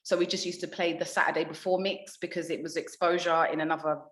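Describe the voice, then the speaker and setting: Lower-voiced woman, casual storyteller. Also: little pitch movement, fast, fairly bright tone. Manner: swears freely, acts out her own past quotes in storytelling. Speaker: radio DJ and breakfast show host, podcast guest. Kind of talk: casual podcast chat. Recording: echoey room.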